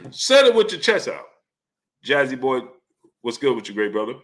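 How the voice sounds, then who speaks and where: A man's voice: medium pitch, very animated, normal speed. A man hosting a boxing livestream, talking casually, greeting chatters by name and firing the same question again and again.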